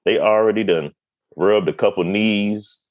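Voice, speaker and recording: A man's voice: fairly low pitch, unhurried, a little mellow, no room sound. A man co-hosting a podcast in casual chat, joking around and acting out voices. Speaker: podcast co-host.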